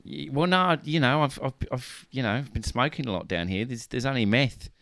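A man's voice: medium pitch, fairly quick, a bit bright, no room sound. A man putting on a smoky New Zealand film director. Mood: laid-back. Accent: put-on New Zealand, slipping into Brummy. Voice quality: rough, smoky. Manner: laid-back, rambling, keeps saying mate.

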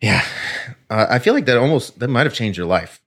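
A man's voice: mid-range voice, expressive, a little fast, a bit bright, breathy edge. A man in casual podcast chat, telling rambling stories and swearing freely. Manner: profane, rambling storyteller. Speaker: podcast co-host.

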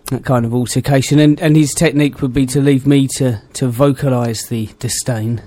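A man hosting a casual chat and trading dry, deadpan quips. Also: medium pitch, moderate pace.

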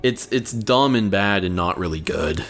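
A man's voice: low-pitched, expressive, moderate pace, a bit bright, soft background music. A man co-hosting a podcast in casual banter, crude and rambling, with many fillers and restarts. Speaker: podcast co-host.

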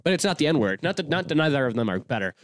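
A man's voice: on the high side, big pitch swings, rapid-fire, dry recording. Rambling young man, dry close sound. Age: 20s. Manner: rambling, self-correcting, many fillers and restarts. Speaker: podcast host. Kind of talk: casual solo podcast monologue.

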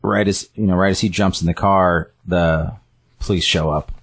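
A man's voice: low voice, steady tone, normal speed, slightly rough. A man casually retelling a story scene by scene, rambling with fillers and self-corrections.

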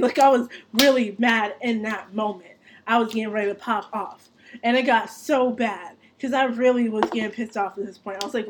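A young woman telling a story in loose, casual chat, with a fairly high voice. She swears freely, gets animated and laughs easily as she tells it. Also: normal speed, noisy background. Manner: animated, profane, laughs through her story.

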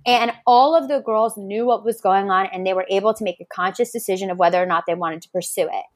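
A woman's voice: medium pitch, fast, no echo. A woman guest on a podcast, telling stories animatedly in casual chat, acting out quotes and swearing freely. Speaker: podcast guest, reality show contestant.

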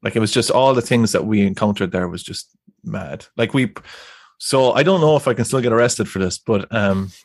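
A man's voice: on the low side, moderate pace, no room sound, studio quality. A young Irish man rambling through a story in casual chat, laughing as he goes. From Ireland. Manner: rambling, animated, laughs through his stories. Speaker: guest.

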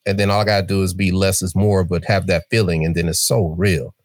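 A man's voice: deep voice, brisk, no room sound. A middle-aged man talks as a guest on a casual podcast. He tells stories with energy, slips into acted voices and often repeats a word as he starts. The sound is dry and close. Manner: animated storyteller, acts out voices, repeats words.

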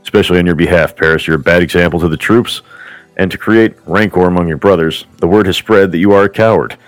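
Brief: man voicing a proud warrior prince, deep, pompous but foul-mouthed. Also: fast talker, no echo, soft background music, lightly acted. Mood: scolding. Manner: grandly formal speech broken by crude swearing. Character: boastful proud male Trojan warrior prince, crude.

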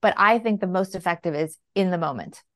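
A woman guest on a podcast, a financial planner telling parenting stories in a conversational, animated way and acting out the dialogue. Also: on the low side, a little fast. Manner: animated, acts out quoted dialogue. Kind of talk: conversational storytelling. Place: lives in New York City.

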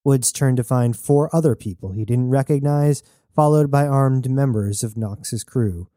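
Man narrating an audiobook, mellow dark voice, dry close sound. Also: medium pitch, a little slow, dry recording. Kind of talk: scripted narration.

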